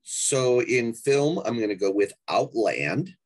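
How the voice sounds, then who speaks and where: A man, an anthology editor and author, chatting on a podcast about his projects, unhurried and pausing with fillers. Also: mid-range voice, sing-song, darkish tone. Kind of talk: casual podcast chat.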